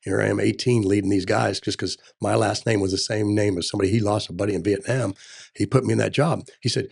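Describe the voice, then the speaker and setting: Middle-aged man, low gravelly husky voice, emphatic candidate in interview, peppers talk with military jargon. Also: fairly even intonation, fast, a little mellow. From Texas. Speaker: gubernatorial candidate.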